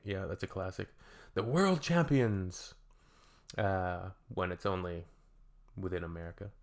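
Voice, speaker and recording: A man's voice: low voice, creaky. A Canadian man hosting a reaction video, reading comments aloud and adding dry, joking asides in a casual tone.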